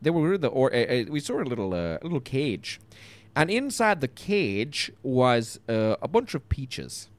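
A man's voice: mid-range voice, big pitch swings, close to an everyday voice. A man voicing a rambling old school friend from the countryside who hesitates and loses his thread, in an improvised phone-call comedy bit. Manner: hesitant, rambling, full of pauses.

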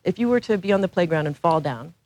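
A woman's voice: on the low side, animated, fast talker, a little mellow, poor audio. A woman speaking on a panel in a frank, joking way. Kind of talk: casual talk on a panel.

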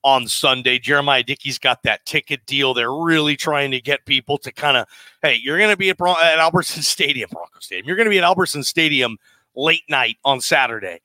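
A man with an American accent hosting sports talk radio, chatty and excitable, jumping between thoughts. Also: medium pitch, a little fast, no room sound.

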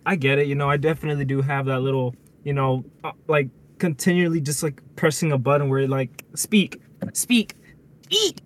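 A man's voice: mid-range voice, fairly even intonation, fast, slight background noise. A man co-hosting a casual podcast chat, talking in laid-back slangy banter full of "bro" and "y'all". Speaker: podcast co-host.

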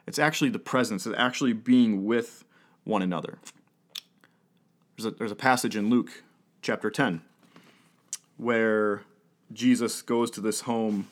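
A man in his thirties preaches a sermon in a voice of middling pitch. He talks earnestly, building points through repetition and rhetorical questions, and laughs now and then. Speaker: pastor.

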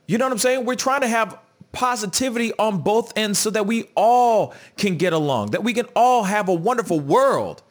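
A man co-hosting a casual commentary chat, talking in an animated way and repeating himself as he swings between loud and soft. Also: high voice, moderate pace. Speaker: co-host.

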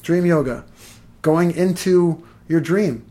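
A man, an energy healer, chatting casually and telling lively stories, swearing and laughing as he goes. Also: fairly high pitch, takes it slowly. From Los Angeles. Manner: animated, swears, laughs through his stories. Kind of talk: casual storytelling in conversation.

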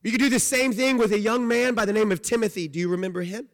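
High-voiced preaching pastor in a hall. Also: male voice, steady tone, fast talker. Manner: emphatic preaching, swings from loud to low. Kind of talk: sermon.

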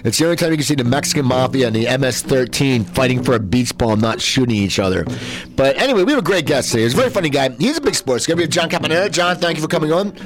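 Fast-talking guy hosting a chat show, stammers a lot, voice jumps all over. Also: medium pitch. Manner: rambling, stammering, excitable storytelling. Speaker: host. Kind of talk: casual chat.

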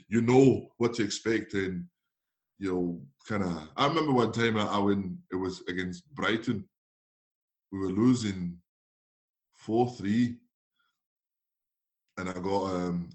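A man from France with a French accent, a guest telling animated anecdotes in a casual interview, acting out quotes and laughing often. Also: lowish voice. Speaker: guest, former footballer.

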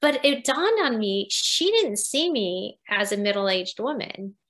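A woman in her fifties, a podcast guest telling her story in a lively interview, laughing often and acting out quoted dialogue. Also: mid-range voice, unhurried. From United States. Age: 50s.

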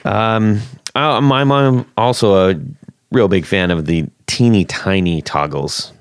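A man's voice: on the low side, takes it slowly, smooth, no room sound, clean studio sound. A man hosting a casual podcast interview, talking hesitantly with many fillers and restarts. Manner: hesitant, filler-heavy, chuckling. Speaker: podcast host.

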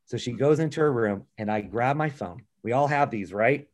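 A man's voice: medium pitch, moderate pace. A middle-aged man giving a motivational talk on a call, earnest and storytelling, often checking in with "okay" and "right?". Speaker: business speaker on a call.

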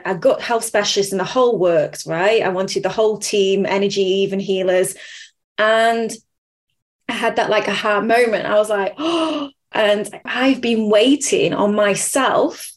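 Woman, podcast host, lively storyteller, casual chat, mid-pitched voice. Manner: animated storyteller, acts out quotes.

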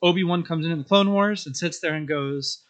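A young man chatting as a podcast guest, telling stories in an animated way and acting out characters' lines. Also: on the high side, fairly quick. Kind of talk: casual podcast chat.

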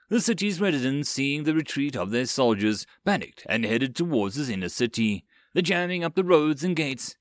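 A man narrating a web novel audiobook with expressive storytelling. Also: mid-range voice, no room sound, studio quality.

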